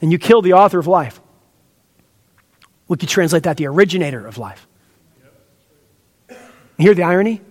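A man's voice: high-pitched, lively intonation, normal speed, long pauses, long reverb tail. A man pastor preaching an expository sermon, earnest and teacherly, with emphatic stresses and asides to the congregation.

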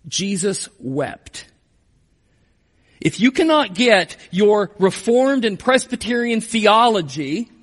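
A man preaching a sermon as pastor, moving between emphatic passages and hushed, slow reflection. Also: high-pitched, in a large hall.

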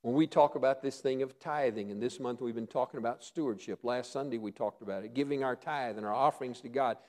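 A man preaching a sermon as pastor, telling Bible stories and acting out their dialogue, dropping to a hush and rising again. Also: mid-range voice, quick pace. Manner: storytelling preacher acting out dialogue, swinging loud and soft.

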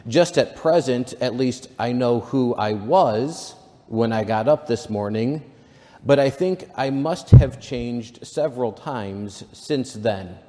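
A bashful, courteous storybook girl, read aloud by a man, hesitant and a little confused. The voice is slow and mellow. A long reverb follows her words. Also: mid-range voice, lightly acted. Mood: polite. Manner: hesitant and polite. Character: shy, polite, confused young girl.

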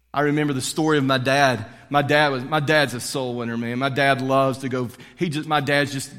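Male pastor, middle-aged, slightly high voice, loud preaching to hushed storytelling, long church reverb. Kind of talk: sermon.

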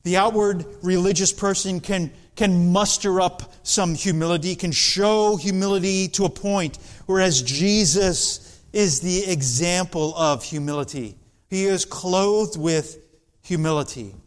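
A pastor delivers an expository sermon in a high-sitting voice. He speaks slowly and deliberately, working up to emphatic passages.

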